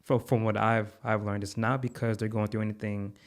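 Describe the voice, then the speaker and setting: A man's voice: on the low side, little pitch movement, fairly quick. A man, a podcast guest and content creator, telling an earnest story in conversation, heartfelt, with repeated words and many fillers.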